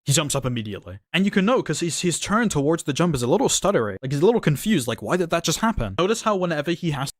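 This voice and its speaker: A man's voice: a little high, very animated, very fast, few pauses, no echo, studio quality. A young man narrating a gameplay review, wry and analytical, building a case step by step. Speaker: video essayist.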